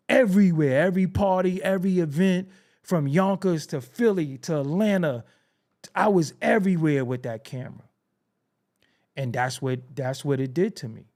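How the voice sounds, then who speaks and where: A podcast host from New York tells a story in his own words, slipping into the voices of the people in it. His voice sits a little high for a man. He talks casually and swears freely. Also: creaky. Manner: animated, acts out quoted dialogue, swears freely.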